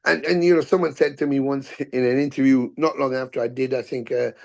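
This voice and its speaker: A man's voice: mid-range voice, fairly quick, vocal fry. Swearing storyteller, middle-aged man. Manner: animated storyteller, swears freely, acts out quotes. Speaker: podcast guest, musician and actor. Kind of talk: casual storytelling interview.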